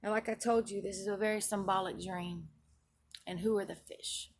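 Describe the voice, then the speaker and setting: Gravelly-voiced woman, earnest dream storytelling. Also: medium pitch, steady tone, normal speed, slight background noise. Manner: earnest, emphatic, repeats herself, restarts phrases. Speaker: Christian video blogger. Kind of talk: recounting a dream and its spiritual meaning.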